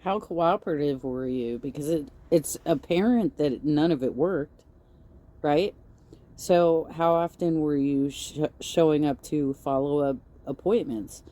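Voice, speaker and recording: A woman's voice: sits low, unhurried, mellow. A woman hosting a reaction commentary, talking in a sarcastic, scolding way. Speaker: commentary host.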